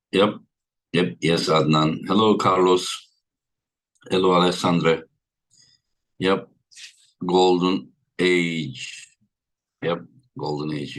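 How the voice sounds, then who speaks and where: A tired man hosting a livestream in casual chat, greeting his viewers by name one after another. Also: low-pitched. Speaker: livestream host.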